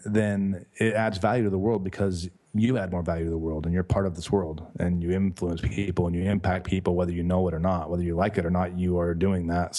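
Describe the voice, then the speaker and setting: A man with a low voice talks on a casual podcast, rambling and enthusiastic and often stopping to fix his own words. His tone is dark and mellow. He sounds like a guest author and life coach who is happy to talk at length. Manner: rambling, enthusiastic, self-correcting.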